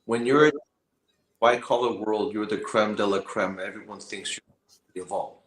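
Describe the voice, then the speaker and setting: A man's voice: fairly low pitch, steady tone, moderate pace, fairly bright tone, echoey room, poor audio. A man speaking as a guest in a casual podcast conversation, making his points firmly and with emphasis. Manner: opinionated, emphatic.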